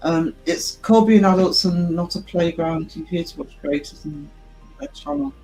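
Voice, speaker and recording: A man's voice: fairly high pitch, expressive, moderate pace, vocal fry, mellow, faint music behind, low-quality recording. A man hosting a livestream, chatting casually with viewers and laughing often. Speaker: livestream host. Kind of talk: casual livestream chat reading comments.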